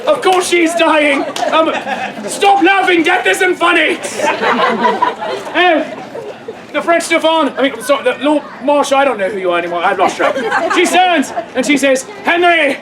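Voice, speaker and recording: A man performing a comedy show at an outdoor fair stage, loud and playful, bantering with the audience. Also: extremely high pitch, normal speed. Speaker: street performer. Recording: live outdoor audience audible. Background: crowd laughing and cheering.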